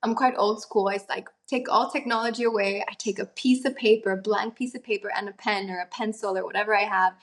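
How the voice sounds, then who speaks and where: A woman of medium pitch speaks as a guest in an interview. She talks with eager enthusiasm about her craft and peppers her sentences with casual fillers. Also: steady tone, fast talker, hardly any pauses. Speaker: actress and singer, guest. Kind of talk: conversational interview.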